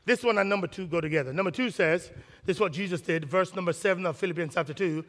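A high-voiced, bright-sounding man delivers an animated sermon as pastor. He hammers phrases again and again for emphasis, and his voice rings out through a large hall with a long echo. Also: quick pace. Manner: animated, acts out quoted dialogue, repeats phrases for emphasis.

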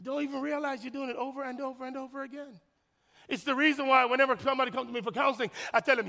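A man preaching a sermon as pastor, swinging from shouted peaks to hushed drops and acting out the voices of a couple. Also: very high-pitched, fairly even intonation, very fast, creaky. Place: church. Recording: long hall reverb.

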